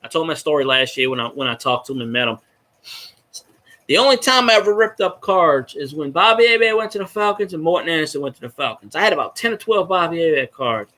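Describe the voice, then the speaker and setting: A man's voice: a little high, very animated, quick pace, pushed and bright. A man, a fan vlogger rambling and swearing as he chats with viewers on a casual livestream. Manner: rambling, profane, talks to viewers in chat.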